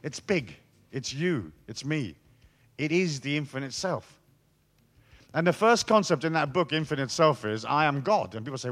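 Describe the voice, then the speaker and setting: A man's voice: on the high side, sing-song, normal speed, long pauses, a bit bright. A middle-aged man, a spiritual speaker joking with a live audience in a profane, storytelling way. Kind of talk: irreverent talk to a live audience.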